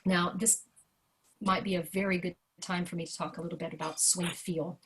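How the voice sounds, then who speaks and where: Woman, jazz vocal teacher, video-call workshop, lively and hands-on. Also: lowish voice, moderate pace. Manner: chatty, animated, sings rhythm syllables to demonstrate. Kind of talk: online workshop lesson.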